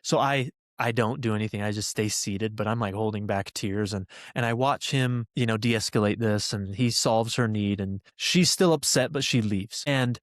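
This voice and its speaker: A man's voice: on the low side, moderate pace, hardly any pauses, no room sound, clean studio sound. A man hosting a podcast, earnestly telling a personal story in conversation, with many fillers along the way. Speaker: podcast host.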